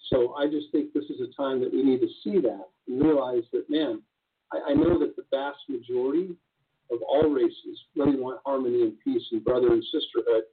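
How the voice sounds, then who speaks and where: An earnest man talks in an easy conversational way and often circles back to restart his thought. His voice is husky and mid-pitched, and the thin, narrow sound suggests a phone line. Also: fairly even intonation, a little fast. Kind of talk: casual conversation.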